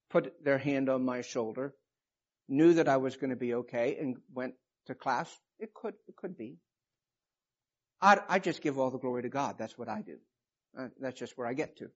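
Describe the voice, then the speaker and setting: A man in his fifties preaching a sermon, telling a personal story with emotion and reading scripture with rising passion. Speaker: pastor. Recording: muffled low-fidelity recording.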